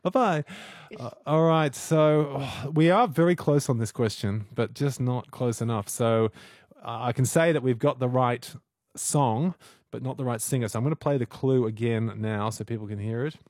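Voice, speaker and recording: A man's voice: medium pitch, moderate pace, darkish tone, no room sound, clean studio sound. A young Australian man hosting a radio quiz, chatting and laughing easily with callers. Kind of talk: casual radio chat with callers. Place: radio studio.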